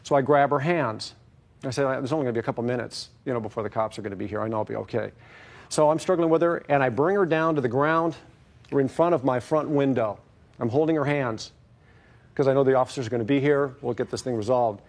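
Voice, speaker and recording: A man's voice: medium pitch, fast. A man testifying at length in a courtroom, hesitant and wordy, repeating stock phrases. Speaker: litigant in a courtroom show.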